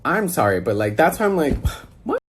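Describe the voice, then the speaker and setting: A man ranting in disbelief on a phone video call, animated and exasperated. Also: on the high side, a little fast, slightly rough. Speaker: social media personality. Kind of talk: casual rant on a video call.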